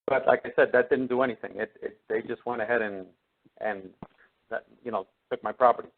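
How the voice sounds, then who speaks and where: A man's voice: mid-range voice, steady tone, a little fast. Hesitant male caller on the phone. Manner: hesitant, full of fillers and false starts. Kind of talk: call-in radio conversation. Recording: tinny phone line.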